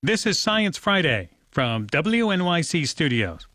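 A man's voice: a little high, big pitch swings, a little slow, sharp tone, no room sound, studio quality. A man hosting a radio show, thanking his guest in an appreciative way. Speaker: radio host. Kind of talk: interview wrap-up.

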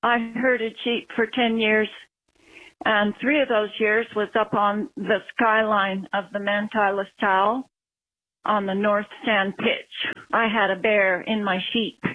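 A woman from Utah, a former sheep herder, calling in to tell a story in an unhurried, halting way. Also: medium pitch. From Utah, USA. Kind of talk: telling a story on a call-in line. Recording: phone line.

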